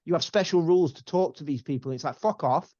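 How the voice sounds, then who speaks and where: A man's voice: a little high, quick pace, dark tone, no room sound, lo-fi sound. A young English man, a podcast guest, ranting loosely and swearing freely in casual chat. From England.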